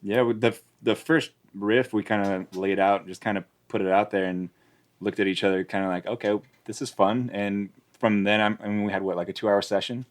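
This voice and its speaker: Male musician guest, very deep voice, easygoing and plain, acts out quotes. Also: fairly even intonation, fairly quick. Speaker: musician, band member guest. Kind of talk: casual interview.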